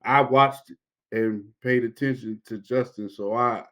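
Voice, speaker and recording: A man's voice: medium pitch, steady tone, unhurried, fairly bright tone. A man co-hosting a podcast, talking football in an easygoing, repetitive way with laughing asides. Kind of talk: casual sports chat.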